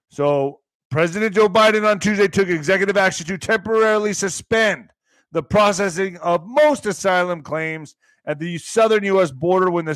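Man, casual news commentary, brash, mocking, profane, high-pitched. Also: a bit bright, no room sound. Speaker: commentary vlogger.

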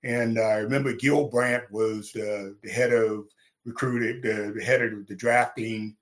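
A middle-aged man from Texas, a former football linebacker, telling his story in an interview with lively, acted-out quotes. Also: unhurried. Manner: animated, acts out quotes with big pitch jumps, laughs.

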